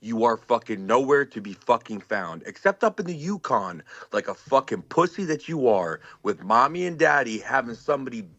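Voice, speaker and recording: Male guest, mid-pitched, furious profane rant, muffled lo-fi sound. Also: very animated, moderate pace, few pauses, a bit bright, no echo. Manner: furious, threatening, swearing constantly. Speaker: guest on a live stream.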